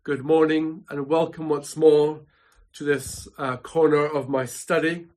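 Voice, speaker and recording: A man preaching a sermon from his home study, measured and emphatic, building points through dramatic repetition. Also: fairly high pitch, little pitch movement, a little mellow. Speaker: pastor.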